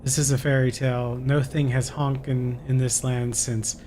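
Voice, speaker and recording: A man's voice: mid-range voice, little pitch movement, normal speed, darkish tone, slight background noise, close to an everyday voice. A man voicing solemn talking trees in a video game, speaking in stilted, archaic storybook phrasing.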